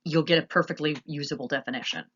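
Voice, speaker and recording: Low-voiced woman teaching a slide lesson. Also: fairly bright tone, slightly rough, muffled recording. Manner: patient, explanatory, spells words out slowly.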